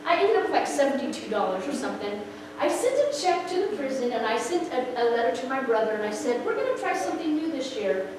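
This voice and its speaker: A middle-aged woman shares her testimony in a high, sing-song voice that swoops up and down as she acts out each moment. She sounds far from the mic, in an echoey room with steady background noise. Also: fast, hardly any pauses. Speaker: speaker sharing a personal testimony. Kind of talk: animated storytelling testimony.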